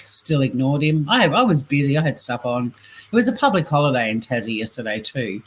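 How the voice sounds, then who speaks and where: An Australian woman hosts a casual scambaiting livestream, reading scam messages and chat aloud. She's chatty, laughs often, and swears freely, speaking briskly in a low-pitched voice with lively intonation.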